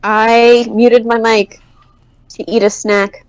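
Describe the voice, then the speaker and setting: A woman's voice: fairly high pitch, flat delivery, takes it slowly, a little hiss or hum, low-quality recording. A woman chatting on a voice call as she joins an online game with friends, sounding chirpy and a bit puzzled. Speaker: gamer joining a voice call. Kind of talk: casual gaming chat.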